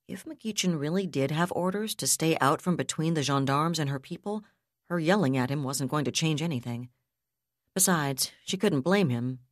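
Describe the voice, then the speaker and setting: Low-voiced woman narrating an audiobook. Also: no room sound, studio quality. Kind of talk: scripted narration.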